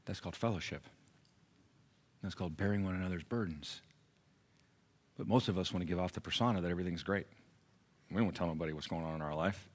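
Earnest preacher with a low voice. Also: male voice, quick pace, long pauses. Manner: earnest, shifts from raised emphasis to hushed near-whispers. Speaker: pastor. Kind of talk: sermon. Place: church sanctuary.

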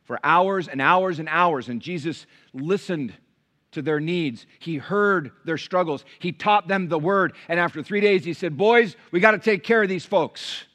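A male pastor delivering a sermon in a church, with a high, ringing, bright voice. He preaches animatedly, punching some lines loud and dropping others to a near-hush. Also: unhurried.

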